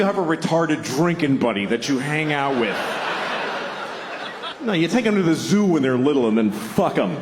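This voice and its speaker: Brief: male stand-up comic, slightly high voice, ranting and crude, stage mic in a roomy venue. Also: lively intonation, moderate pace, background noise. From Boston. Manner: profane, ranting, loud shouted bits. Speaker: stand-up comedian. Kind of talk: stand-up comedy set. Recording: echoey room with audience laughter.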